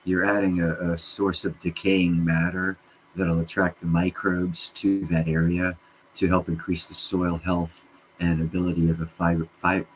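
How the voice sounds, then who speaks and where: A man with a very low voice hosts a casual livestream, answering viewers' comments. He rambles from one subject to the next and gets worked up, with plenty of swearing. A faint hiss sits under his voice. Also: unhurried, poor audio. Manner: profane, excitable, jumps between topics. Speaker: livestream host answering chat.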